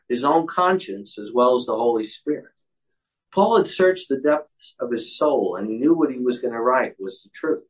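A man's voice: mid-range voice, poor audio. A man leading a Bible study, explaining a passage in an earnest way with frequent restarts.

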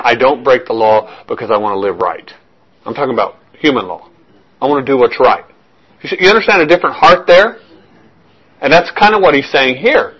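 A man's voice: medium pitch, husky, dull audio. A man preaching a verse-by-verse sermon in a conversational way, often checking in with his listeners and repeating phrases as he works through a point. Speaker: pastor.

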